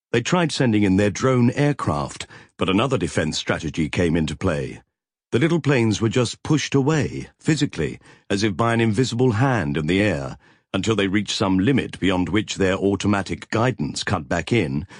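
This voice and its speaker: A male audiobook narrator with a husky, fairly low voice. His reading is measured yet expressive, pitch rising and falling freely. The sound is close and dry. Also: no room sound. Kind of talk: scripted narration.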